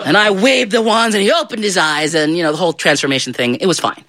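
Woman storyteller, bright tone, dry close sound, animated fairy-godmother narration. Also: on the low side, a little fast, no echo. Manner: animated, swooping voice and playful asides.

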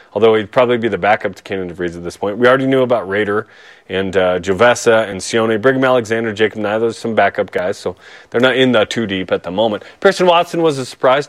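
A young man chatting on a sports radio show in a loose, easy way. He laughs often, and his sentences break off and restart. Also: lowish voice. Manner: chatty, laughs easily, trails off mid-thought. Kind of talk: casual sports talk.

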